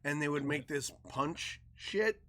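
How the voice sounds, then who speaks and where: A man's voice: fairly high pitch, slow pace. A man co-hosting a podcast, telling a story in casual chat, swearing freely and acting out the people he quotes. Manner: animated, swearing, acts out quotes loudly. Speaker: podcast co-host.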